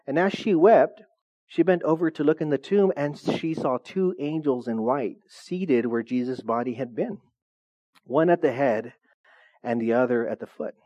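A man's voice: mid-range voice, moderate pace, dark tone, lo-fi sound. A man preaching a sermon as pastor, reading scripture and slipping in joking asides to the congregation.

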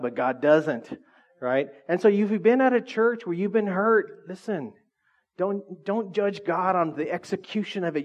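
A man preaching a casual sermon as pastor, chatty and joking with the congregation. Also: on the high side.

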